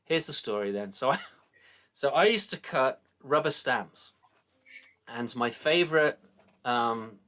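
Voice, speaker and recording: A man's voice: mid-range voice, expressive, slow, long pauses, fairly bright tone. A middle-aged man from Britain with a British accent, hosting a casual chat with jokey, rambling stories and frequent laughs. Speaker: host.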